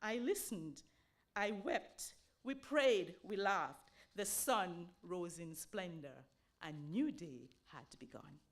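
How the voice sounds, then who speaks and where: Slow, solemn woman reciting poetry. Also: fairly low pitch, lively intonation, slight background noise. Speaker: poetry reader. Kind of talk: dramatic poetry reading.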